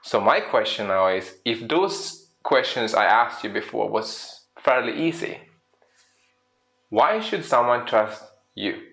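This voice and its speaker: A man's voice: medium pitch, slow pace, vocal fry. A man, a speaker and coach, giving a storytelling presentation, asking the audience questions and acting out little scenes. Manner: lively, acts out little scenes in quoted voices.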